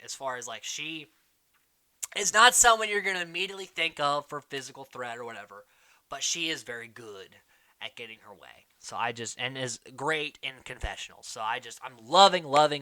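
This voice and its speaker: Lively, bright-voiced, rambling podcast host. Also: medium pitch, moderate pace. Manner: rambling, filler-heavy, excitable. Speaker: podcast host recapping a reality show. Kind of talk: casual chat.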